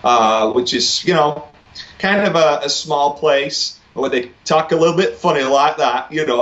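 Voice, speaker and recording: A talkative man with a Wigan accent from northwest England, easygoing and quick to laugh at himself. His voice sits a touch high for a man. The recording is muffled and lo-fi. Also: a bit bright. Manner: chatty, laughs often, self-mocking. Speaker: musician guest. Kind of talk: casual interview.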